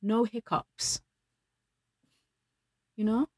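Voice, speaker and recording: A woman's voice: on the high side, level tone, drawn-out words, warm tone. Chatty woman telling stories. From London. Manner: chatty, storytelling, laughs often. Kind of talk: casual chat.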